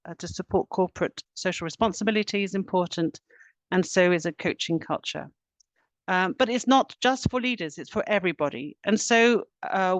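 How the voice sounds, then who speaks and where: A woman's voice: fairly low pitch, no room sound. Middle-aged woman, HR director, earnest webinar presenter, dry close sound. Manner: earnest, steady explaining, lists actions step by step.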